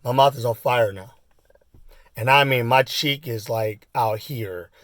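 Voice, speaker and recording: A man in his forties telling a personal story in a casual, rambling way, full of fillers and asides, and getting animated as he acts it out. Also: mid-range voice, a little slow, no room sound, studio quality. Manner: animated when acting out the story. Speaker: vlogger.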